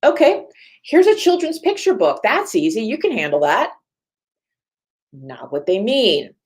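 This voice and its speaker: A woman's voice: a little high, unhurried. A woman who works as a reference librarian, giving a chatty panel talk and telling stories that act out the voices of the people in them. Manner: lively storytelling, acts out quoted voices; chatty, self-correcting asides.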